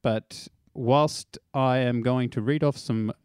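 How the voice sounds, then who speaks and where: A man's voice: medium pitch, fairly even intonation, takes it slowly, a little mellow, clear, resonant tone, dry recording, clean studio sound. A man hosting a podcast, reading out the show rules in a casual, chatty way and laughing often. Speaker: podcast host. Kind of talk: casual chat.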